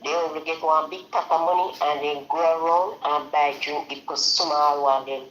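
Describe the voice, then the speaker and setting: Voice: medium pitch, fairly even intonation, moderate pace, a bit bright, reverberant, muffled recording, slight background noise. A host with a Jamaican accent chatting about politics, cutting in to tell stories. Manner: interjecting, storytelling. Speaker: live stream host. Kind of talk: casual political chat.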